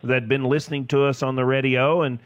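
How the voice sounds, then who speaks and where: Appearing as a financial advisor guest in casual radio chat, a Tennessee man talks enthusiastically and laughs often. His mid-range voice comes across with flat delivery at a quick pace, and the recording is dry.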